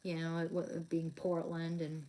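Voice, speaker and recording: A woman's voice: sits low, monotone, a little slow, dark tone. Rambling young woman live-streaming while drawing. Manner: rambling, many fillers and restarts. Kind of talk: casual live-stream chat.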